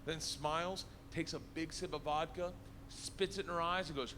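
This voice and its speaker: A man doing stand-up storytelling, animated, shouting his punchlines and putting on other people's voices. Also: fairly high pitch, normal speed, background noise. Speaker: stand-up comedian.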